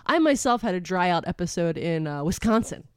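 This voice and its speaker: A woman's voice: lowish voice, lively intonation, a little fast, smooth, no room sound, clean studio sound. A woman co-hosting a podcast in playful casual chat, laughing often and tossing off sing-song greetings. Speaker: podcast co-host.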